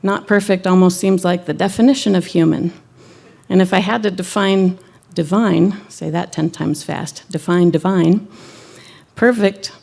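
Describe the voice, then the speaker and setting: A woman minister giving a sermon in a conversational, gently wry way. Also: fairly low pitch, vocal fry.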